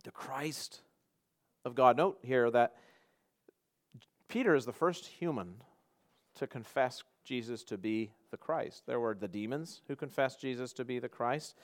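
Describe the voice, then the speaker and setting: A male pastor preaching a sermon, emphatic, swinging from loud passages to quiet ones, often repeating and restarting words. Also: mid-range voice, expressive, unhurried.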